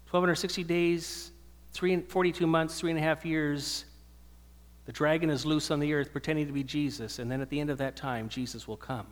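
A man's voice: a little high, fairly even intonation, a little fast. A male pastor giving an earnest sermon that swells into emphatic preaching, in a church hall with long reverb.

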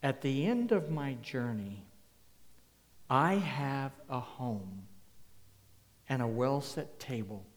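A serene, unbothered farmer, as a male preacher puts him on in a sermon's parable. He answers matter-of-factly and unhurried. The long reverb of a church hall carries his words. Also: mid-range voice, expressive.

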